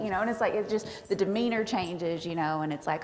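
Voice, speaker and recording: A woman with a slightly low voice tells a story on a conference panel. She acts out the quoted lines as she goes. The sound carries a long hall reverb. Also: a little fast, a little mellow. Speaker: conference panelist, operations director. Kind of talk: telling an anecdote on stage.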